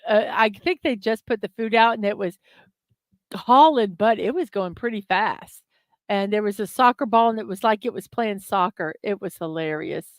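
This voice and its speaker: A woman's voice: mid-range voice, moderate pace, dry recording. A woman hosting a daily morning livestream, chatting casually and giggling as she talks to viewers in the chat. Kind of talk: casual live-stream chat.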